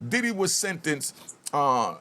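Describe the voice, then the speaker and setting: A man's voice: fairly high pitch, sing-song, a little slow, bright, forceful tone. A man hosting a channel, casually commenting over a video and telling his own prison stories, acting out what people said and urging viewers to comment. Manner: storyteller who acts out quoted speech and keeps urging viewers to comment.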